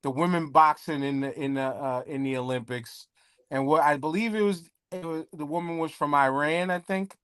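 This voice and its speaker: A man co-hosting a casual podcast, his voice sitting a little high and recorded dry and close. He swears freely and keeps dropping jokes he brags about as punchlines. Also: steady tone, moderate pace, fairly bright tone, clear, resonant tone, dry recording. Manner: joking, profane, boastful about his punchlines. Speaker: podcast co-host.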